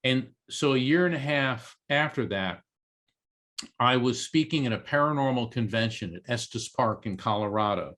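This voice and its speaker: A man's voice: mid-range voice, animated, normal speed, a bit bright. A man from East Coast Florida, a medium and author, telling a personal story as an interview guest and acting out the voices of the people in it. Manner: earnest, acts out quoted voices in his story.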